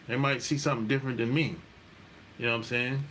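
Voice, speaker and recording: A man hosting a dating-advice channel, talking in a relaxed, rambling monologue, repeating his points and laughing often. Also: medium pitch, fast, slight background noise. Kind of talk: casual monologue.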